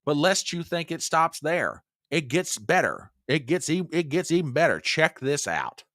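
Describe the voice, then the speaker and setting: A man's voice: big pitch swings, normal speed, no room sound, studio quality. A man hosting a political commentary show, ranting angrily and sarcastically. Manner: angry, sarcastic, swinging between low growl and shouting.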